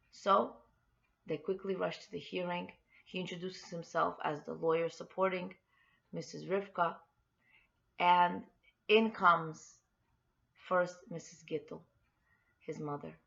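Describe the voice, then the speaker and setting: A woman's voice: lowish voice, fairly even intonation, a little slow, creaky, long pauses, a bit bright. A woman hosting an inspirational podcast, telling a story with earnest, heartfelt faith encouragement. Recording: dull lo-fi recording.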